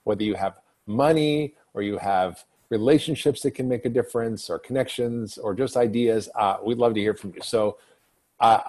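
A man's voice: medium pitch, normal speed, darkish tone. A man hosting a podcast interview, talking earnestly and enthusiastically about food policy advocacy. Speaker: podcast host. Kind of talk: conversational interview.

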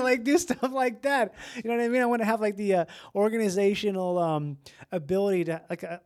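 Rambling, excitable podcast host. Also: medium pitch. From Los Angeles, US. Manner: rambling, excitable, lots of fillers. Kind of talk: casual chat.

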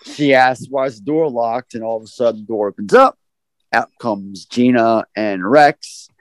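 A man's voice: mid-range voice, normal speed, no echo, poor audio. A man hosting a podcast, casually summarizing a film's plot in a loose, profane way. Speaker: podcast host. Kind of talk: casual film recap chat.

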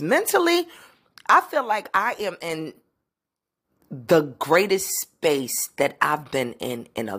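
A woman's voice: rumbling low, a bit bright, slightly rough. A woman in her thirties hosting a podcast in candid, enthusiastic casual chat. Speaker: podcast host.

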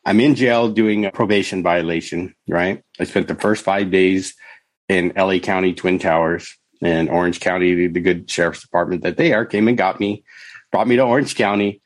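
Low-voiced man telling his story candidly. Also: moderate pace, dry recording. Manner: candid, rambling, many "you know" and "right?" asides. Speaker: podcast guest, author and counselor.

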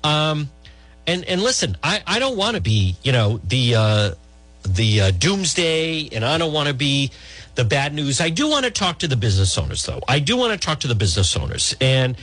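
A man's voice: mid-range voice, sing-song, normal speed, a bit bright, soft background music. A middle-aged man hosting talk radio, giving blunt, rambling political opinions with many restarts.

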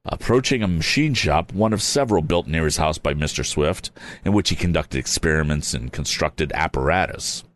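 A man reading an old adventure book aloud in a relaxed, casual way. His voice is low, with lively rises and falls. He breaks off now and then for chatty, wry remarks. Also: moderate pace. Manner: chatty, adds wry asides. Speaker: reader. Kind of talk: casual storybook read-aloud.

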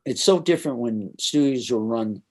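A man's voice: medium pitch, animated, normal speed, darkish tone. An older man telling a story from his career in a casual interview, acting out the voices of the people in it and laughing often.

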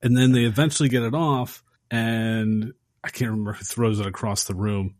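A man casually recapping a horror film on a podcast, acting out the characters' lines with animated energy. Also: on the low side, normal speed, no echo, studio quality. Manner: animated storyteller acting out quotes. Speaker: podcast host.

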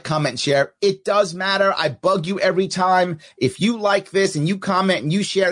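Lively male political podcast host. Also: high voice. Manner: animated, talks straight to viewers, reads out comments. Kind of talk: casual political commentary.

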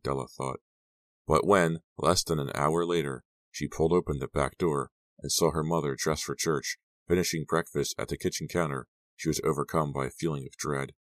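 A man narrating an audiobook in a measured, even storytelling manner. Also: rumbling low, no echo.

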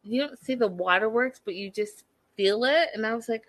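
A woman's voice: fairly high pitch, normal speed, a bit bright, no room sound. A woman chatting casually and sassily to her viewers as she recaps a reality show episode. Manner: chatty, sassy, talks to viewers.

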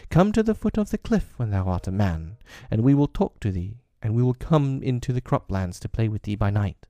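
A man's voice: on the low side, very animated, moderate pace, warm tone, dry recording, clean studio sound, voice pushed up. A man voicing eager, loyal young wolf cubs making promises.

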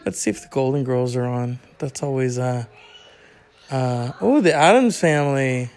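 A man's voice: medium pitch, moderate pace, darkish tone. A man hosting a podcast, rambling casually through anecdotes in a loose storytelling way. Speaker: podcast host. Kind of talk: casual monologue.

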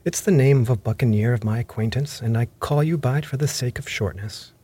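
A man's voice: medium pitch, mellow, slightly rough, close to an everyday voice. A man voicing a blunt, stern doctor who speaks firmly and scolds, in an audiobook reading. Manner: brisk, firm and scolding.

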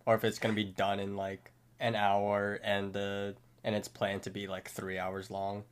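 A male podcast co-host chats casually and agrees easily. His voice is low and resonant, with a smooth, clean tone. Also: monotone, normal speed. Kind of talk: casual chat.

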